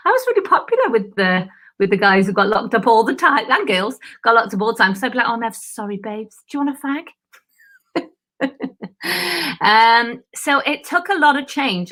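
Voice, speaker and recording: Chatty woman with a bright voice. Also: medium pitch. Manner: chatty, animated, laughs often. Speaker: goal-setting coach. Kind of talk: casual live-stream chat.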